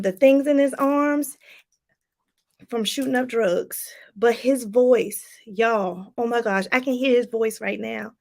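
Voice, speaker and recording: A woman's voice: a little high, darkish tone. A woman from Washington, D.C., giving a motivational talk as a life coach, emphatic and repeating her points straight to viewers.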